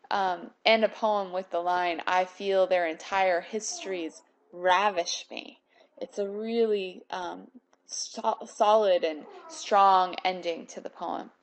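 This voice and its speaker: A woman instructor giving a recorded poetry lecture, talking with many ums and restarts and reading poem lines aloud slowly. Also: mid-range voice. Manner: hesitant, many fillers and restarts. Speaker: college English instructor.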